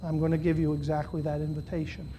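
Man preaching, high voice, impassioned, loud peaks and low earnest appeals, faint hiss behind. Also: little pitch movement, fast talker. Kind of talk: sermon with altar call. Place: church.

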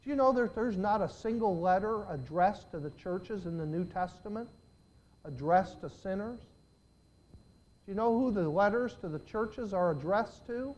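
An older man preaching a sermon as a pastor, swinging between hushed, intimate lines and loud, emphatic declarations. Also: high-pitched, expressive, moderate pace, muffled recording.

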